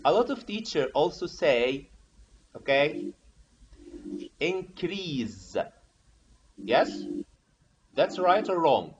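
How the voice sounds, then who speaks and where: A man's voice: fairly high pitch, big pitch swings, slow, long pauses, lo-fi sound, a little hiss or hum. A man teaching a pronunciation lesson, explaining step by step and often checking in with "okay?". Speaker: teacher trainer. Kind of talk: online training lesson.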